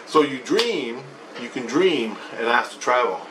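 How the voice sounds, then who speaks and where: A man's voice: mid-range voice, lively intonation, a little slow, fairly bright tone, recorded from a distance, slight background noise, low-quality recording. A man telling a story about his spiritual experiences in a rambling, profane way. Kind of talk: casual storytelling monologue.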